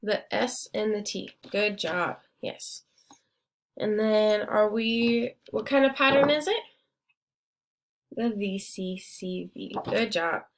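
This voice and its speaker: A woman's voice: mid-range voice, takes it slowly. A young woman teaching a phonics lesson, encouraging her students and breaking words into syllables one at a time.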